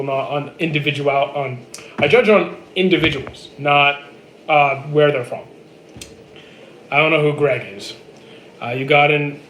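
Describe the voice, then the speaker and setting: A man in his thirties from Canada, chatting casually on a live stream and answering viewer comments in a relaxed, dry way. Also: on the high side. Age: 30s. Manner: relaxed, dry, answers chat questions flatly. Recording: echoey room with faint noise.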